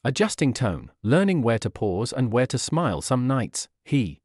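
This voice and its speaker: Man, graded-reader narrator, clear measured delivery, lively intonation. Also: mid-range voice, no room sound, clean studio sound. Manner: clear, measured reading for learners. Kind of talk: scripted storybook narration.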